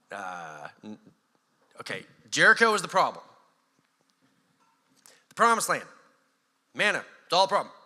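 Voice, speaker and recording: American pastor guy preaching, lively, does little voices, somewhat high voice, echoing church hall. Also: slow pace, long pauses. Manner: animated, acts out voices with sarcasm and laughs. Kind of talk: sermon.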